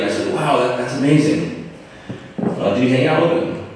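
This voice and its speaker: A young man giving an informal, halting eulogy for his father from notes, with light humor. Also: mid-range voice, very animated, a little mellow, slight background noise. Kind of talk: memorial speech from notes. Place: large hall at a memorial gathering. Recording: echoey hall, distant mic.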